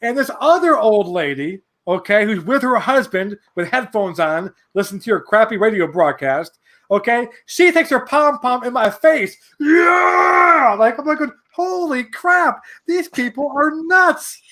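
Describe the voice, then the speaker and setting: A man in his forties from New York, a podcast guest telling a rambling, animated anecdote full of restarts. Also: high-pitched, moderate pace. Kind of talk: casual storytelling.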